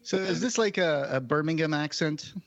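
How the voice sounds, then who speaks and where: A man from the United States hosting a film commentary, relaxed as he points out scenes. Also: a little high, normal speed, highs cut off. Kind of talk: casual commentary chat.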